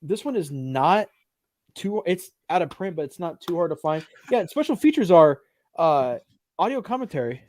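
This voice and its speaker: A man co-hosting a casual film chat show, animated and swearing freely. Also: fairly high pitch, normal speed. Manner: animated, swears freely, does mocking put-on voices. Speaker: podcast co-host. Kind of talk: casual chat about films.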